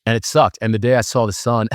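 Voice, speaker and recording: A man's voice: medium pitch, fairly even intonation, fast, no echo, clean studio sound. A young man hosting a podcast, telling stories in a loose, joking way with lots of fillers. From Wisconsin. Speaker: podcast host. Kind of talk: casual storytelling monologue.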